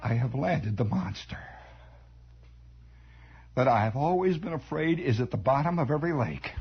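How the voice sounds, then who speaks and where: A Midwestern American man telling a story on the radio in a dramatic monologue, hushing for suspense, on a dull lo-fi 1960s broadcast. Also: medium pitch, moderate pace, a little hiss or hum. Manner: animated, dramatic, drops to hushed tones for suspense.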